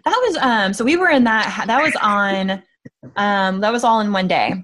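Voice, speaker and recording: Woman, chatty and rambling, mid-pitched voice, casual interview chat. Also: normal speed, fairly bright tone. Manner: chatty, rambling, many fillers. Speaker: actress guest.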